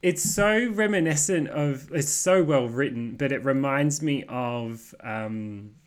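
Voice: medium pitch, slow pace. A co-host chatting casually, rambling with many fillers and swearing. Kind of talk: casual chat.

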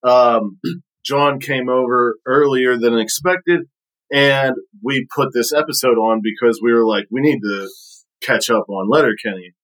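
A man's voice: mid-range voice, unhurried, fairly bright tone, poor audio. A man telling a casual story on a podcast, rambling with plenty of fillers.

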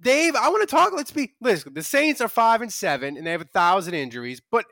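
A man's voice: high-pitched, big pitch swings, fairly quick, creaky, a bit bright, dry recording, clean studio sound. A man co-hosting a casual sports talk show, teasing and joking with his co-hosts. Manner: jokey and teasing. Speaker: podcast co-host.

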